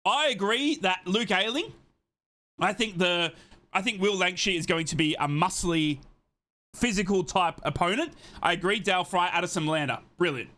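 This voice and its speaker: A man's voice: high voice, normal speed, bright, forceful tone. A man hosting a live football watchalong, reading out the lineups and greeting chat viewers by name in an upbeat, chatty way. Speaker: host of a football watchalong stream.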